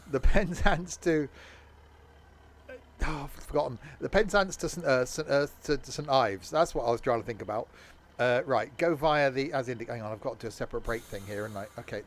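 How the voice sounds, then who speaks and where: A tired man giving rambling, self-mocking commentary while streaming a train game, chuckling often. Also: mid-range voice. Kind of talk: casual live-stream commentary.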